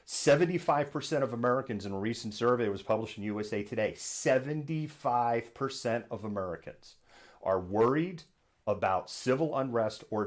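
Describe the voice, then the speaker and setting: A man hosting a live political news stream from a home studio, talking in a sarcastic, animated way and often slipping into mocking imitations. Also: fairly low pitch. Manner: sarcastic, acts out imagined voices.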